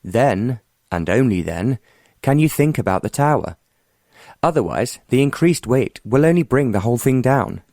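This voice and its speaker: A man voicing a mild, wry former naval officer, an earl who stays calm and stubborn in a romance audiobook. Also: medium pitch, moderate pace, dry recording, clean studio sound, voice pushed up, close to an everyday voice.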